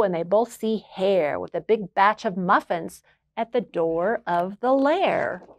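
A woman reading and singing at a children's storytime as the librarian, in a slow, clear sing-song manner. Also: mid-range voice, no room sound.

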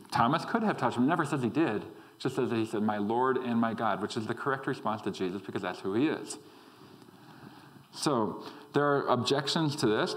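Male guest preacher, mid-pitched voice, chatty and animated, keeps checking in with the room. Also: low-quality recording. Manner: conversational, animated, frequent "okay?" checks. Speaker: guest speaker. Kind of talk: sermon. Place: church.

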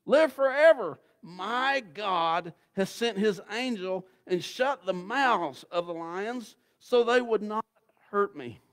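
A man voicing an old, faithful prophet who declares slowly and solemnly. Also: high voice, expressive, a bit bright, clean tone, voice pushed up, full character voice.

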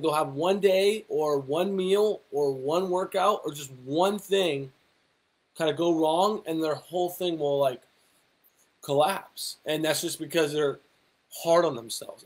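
A young adult man, a fitness coach, giving casual motivational advice with lots of rhetorical questions and fillers. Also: on the high side. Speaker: fitness coach and personal trainer. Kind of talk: casual motivational talk to camera.

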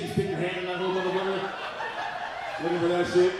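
A man in his forties doing a loud, profane stand-up comedy routine at a live venue. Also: high-pitched, completely flat delivery, fast. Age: 40s. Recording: echoey room, mic far off, audience noise.

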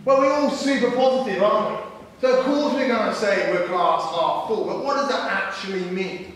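A middle-aged man tells a lively story at a public lecture and acts out its people with jokes. His voice sits high, and the hall rings with a long echo. The mic is far away, with clear room noise behind him. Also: normal speed. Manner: animated, jokey, acts out the people in his stories. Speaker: guest speaker. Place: large school hall. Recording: echoey hall recorded from far off.

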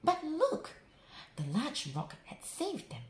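A woman reading a children's bedtime story aloud in an expressive, sing-song way. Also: sits high, slow, reverberant, rough recording.

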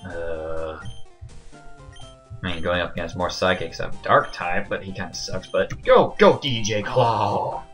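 A young man playing a video game, forgetful, swearing and bursting out loudly in frustration. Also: low-pitched, measured pace, pauses often, over music. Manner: forgetful, swears, loud exasperated outbursts. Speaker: Let's Play player. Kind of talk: casual gaming commentary.

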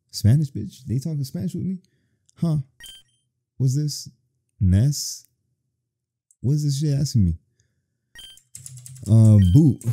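A man commenting on a horror game as he plays, crude and profane in his jokes and reactions. His voice is very dark and husky, swinging up and down in lively pitch, with faint game music underneath. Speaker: gaming video host. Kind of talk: let's play commentary.

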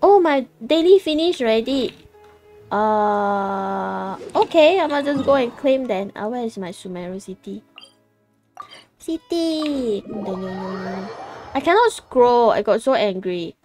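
Slow, playful high-voiced young woman. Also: animated, music in the background. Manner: playful and giggly, with squeals and silly sound effects. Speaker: game streamer. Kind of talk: casual gameplay chatter.

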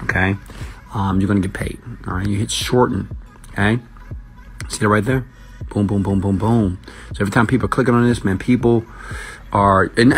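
A man walking viewers through a website on screen, pushing and hyped, checking in with "okay?" after almost every point. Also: vocal fry. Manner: pitch jumps up sharply when excited. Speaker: online marketing mentor. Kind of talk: screen-share tutorial, live-stream style.

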